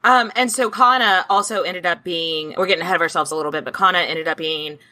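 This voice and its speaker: A woman co-host chats about history in a casual, playful way and swears freely. Her voice sits low for a woman but sounds bright. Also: fast talker. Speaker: podcast co-host.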